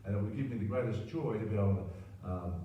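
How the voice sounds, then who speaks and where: A man's voice: fairly low pitch, fast, muffled recording, a little hiss or hum. An Australian man in his sixties telling a rambling, self-deprecating personal story, often tacking on "right?". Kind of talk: personal anecdote monologue. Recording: very roomy, distant mic, faint ambience.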